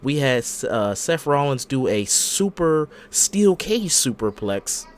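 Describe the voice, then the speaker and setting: A man hosting a podcast in casual chat, retelling events in an animated way and acting out the quotes. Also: medium pitch, slow. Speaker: podcast host.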